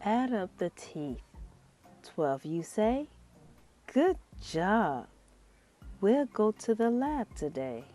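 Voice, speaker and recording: A woman voicing a kindly, patient old mummy teacher who speaks in rhyme, slow and teacherly, for a storybook reading. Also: medium pitch, sing-song, warm tone, soft background music. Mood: rhyming.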